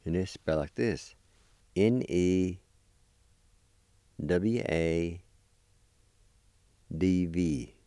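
A man with a very low, dark voice teaches vocabulary at an unhurried, careful pace. He spells each word letter by letter and repeats it. The sound is dry and close, with no room around it. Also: smooth, no echo. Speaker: language teacher. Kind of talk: slow spelling and pronunciation lesson.

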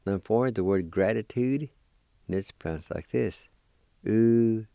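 Guy teaching word spellings real slow, dark mellow low voice, dry close sound. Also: vocal fry, dry recording. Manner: slow, deliberate, spells letter by letter and repeats each word. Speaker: language teacher. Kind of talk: slow spelling and pronunciation lesson.

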